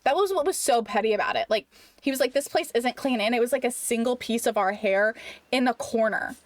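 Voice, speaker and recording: Young woman game streamer, pitched a touch high, rambling and animated; casual live-stream storyteller. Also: fairly quick, dry recording. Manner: animated, rambling, heavy use of "like".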